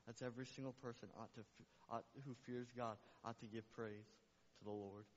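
A man preaching a sermon in a large church hall, his voice ringing with a long reverb. The sound is dull and muffled. He climbs to loud, emphatic peaks, then drops soft and low, repeating his questions back to the congregation. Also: little pitch movement, fairly quick, a little hiss or hum. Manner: repetitive call-and-response preaching. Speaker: pastor.

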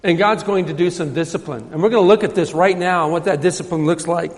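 A man's voice: on the high side, fast. A man preaching a sermon in a church, emphatic and repetitive, his voice rising when he quotes scripture. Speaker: pastor. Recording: hall reverb.

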